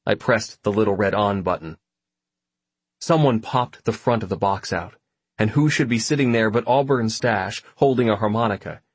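A man narrating a first-person story audiobook in a reflective, even manner. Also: fairly low pitch, moderate pace, breathy edge, dry recording.

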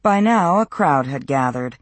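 A man narrating a novel in a measured, even storytelling voice. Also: fairly high pitch, no echo. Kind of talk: audiobook narration.

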